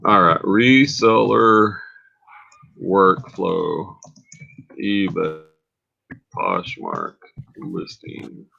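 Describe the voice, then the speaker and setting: A man hosting a casual live stream, laid-back and drawn-out. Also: low voice, very animated, vocal fry, sharp tone. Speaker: host of a reseller live show. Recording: dull lo-fi stream audio.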